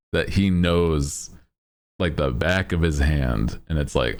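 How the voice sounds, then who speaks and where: A man's voice: very deep voice, slow, a little mellow. A man streamer in casual chat, rambling in a laid-back way with lots of "like" and "dude," speaking into a desk microphone.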